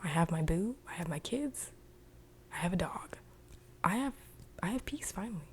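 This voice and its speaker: A woman voicing a cold, defiant young witch who speaks flatly and dismissively. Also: fairly low pitch, normal speed, slight background noise, lightly acted.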